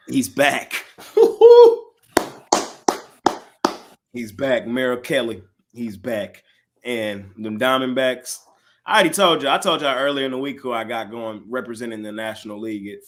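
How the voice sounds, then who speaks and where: A man's voice: lowish voice, fairly bright tone. A man hosting a sports betting show, giving casual picks to his live chat and repeating lines for emphasis.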